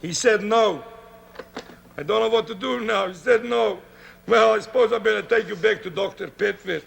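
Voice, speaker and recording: A man's voice: high-pitched, normal speed, gravelly, a bit bright, a little hiss or hum, exaggerated voice. An actor playing a jokey, dog-loving pet expert in a 1970s children's TV sketch, folksy and chuckling at his own jokes. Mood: chatty. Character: chatty male pet expert, jokey, fond of dogs.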